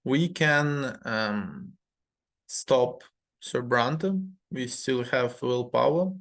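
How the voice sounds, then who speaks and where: Slow, gravelly-voiced man reading a game. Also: mid-range voice, animated, a bit bright. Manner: measured reading with fillers and restarts. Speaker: game streamer reading the story. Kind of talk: reading a story game aloud with commentary.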